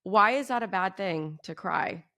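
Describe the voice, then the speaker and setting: Bright-voiced young woman chatting candidly. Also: mid-range voice, animated, measured pace. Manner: candid, full of "like" fillers. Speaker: podcast co-host. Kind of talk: casual chat.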